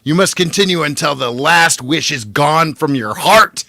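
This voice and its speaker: A man voicing a solemn male mystic guide who leads a wish ritual, speaking slowly and intoning his lines, slipping into an accent. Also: a little high, vocal fry, sharp tone, dry recording, clean studio sound. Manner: slow, intoning, slips into an accent.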